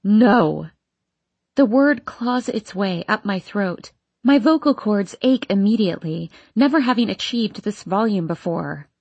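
A woman's voice: medium pitch, expressive, normal speed, a little mellow, breathy edge, no echo, lo-fi sound. A woman narrating a first-person teen novel in an audiobook, reading in an emotional, intense way. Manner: emotional, intense, voicing an upset teenage girl.

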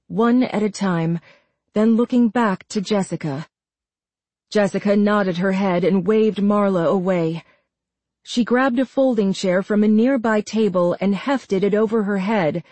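A woman narrating a horror story in a steady, dramatic storytelling manner. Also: medium pitch, no room sound.

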